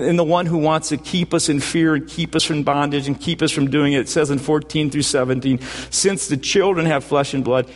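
A man's voice: mid-range voice, in a large hall. A man preaching a sermon as pastor, earnest and repeating words as he builds up.

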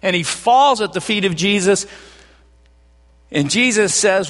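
A man preaching a sermon, telling a Bible story with loud bursts and hushed, near-whispered moments. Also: a little high, normal speed, slightly rough, in a large hall. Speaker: pastor. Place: church sanctuary.

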